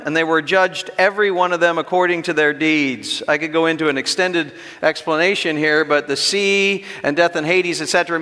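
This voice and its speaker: A middle-aged man preaching an expository sermon in a fairly high, bright and forceful voice. He drives his points home with rhetorical questions and slows down on the key words. His voice rings out with a long reverb, as in a church hall. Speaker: pastor teaching an equipping class.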